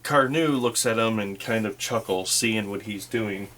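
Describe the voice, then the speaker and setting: Low-voiced guy running a solo tabletop game, slow and rambly. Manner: relaxed, rambling, with fillers. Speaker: game master.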